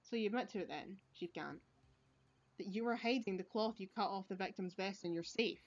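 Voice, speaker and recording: A woman's voice: medium pitch, brisk, close to an everyday voice. A woman voicing a firm, earnest young male defense lawyer in a video game read-along. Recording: lo-fi recording.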